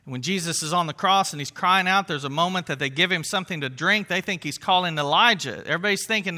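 A man giving a conversational Bible teaching, earnest and emphatic, often pausing on fillers and restarting phrases. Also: sits high, pushed and bright.

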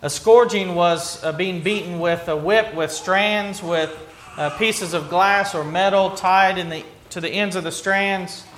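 A man's voice: high voice, steady tone, a little slow, fairly bright tone, a little hiss or hum. A man preaching a sermon, retelling a scripture story earnestly, with frequent restarts. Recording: echoey room.

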